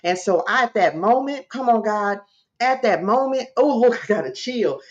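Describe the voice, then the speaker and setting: A woman, a spiritual coach, telling a personal story to her livestream viewers in an animated, direct way. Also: a little high, normal speed, muffled recording.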